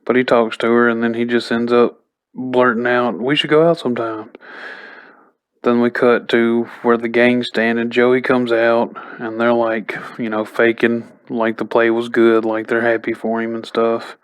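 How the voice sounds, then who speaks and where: A man's voice: mid-range voice, monotone, moderate pace, clear, resonant tone. A man giving a casual spoken recap as a TV episode reviewer, chatty and loose, with lots of "like" and "you know".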